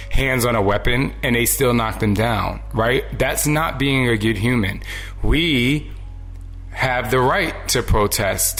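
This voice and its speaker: A podcast host speaks alone in a motivational vein, earnest and chatty about everyday decency, sometimes playing out small exchanges. His voice is on the low side, gravelly, with a fairly bright tone.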